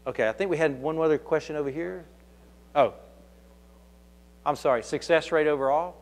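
A Southern-accented man with a slightly higher voice takes audience questions at a conference talk. He speaks conversationally and tells anecdotes, often restarting mid-sentence. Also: normal speed. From Kentucky. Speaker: conference speaker, security consultant. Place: conference hall.

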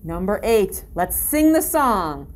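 A woman's voice: mid-range voice, very animated, takes it slowly. A woman guiding children along an outdoor story walk, reading a picture book aloud in an upbeat, encouraging, teacherly way and imitating animal sounds. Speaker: library story-walk guide.

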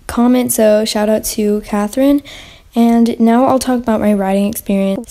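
A woman's voice: a little high, mellow. A young woman hosting a casual gaming Q&A vlog, chatty and rambling with lots of fillers and restarts. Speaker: channel host.

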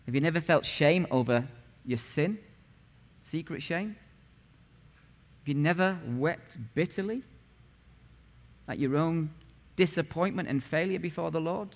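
A man's voice: fairly high pitch, unhurried, long pauses. A man in his late forties preaching a sermon as pastor, punchy and conversational, firing rhetorical questions at the congregation. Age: 40s. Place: church sanctuary. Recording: long church reverb.

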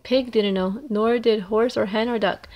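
A woman reads a children's picture book aloud in a high, bright-pitched voice. She takes it slow and clear, the way you read to small kids. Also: fairly even intonation, muffled recording. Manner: slow, clear storybook reading. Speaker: storybook reader.

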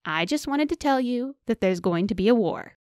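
A woman's voice: fairly high pitch, animated, normal speed, darkish tone, dry recording, clean studio sound, pitched above the performer's own voice, close to an everyday voice. A woman reading the lines of a cheeky, teasing young male enchanter. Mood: earnest.

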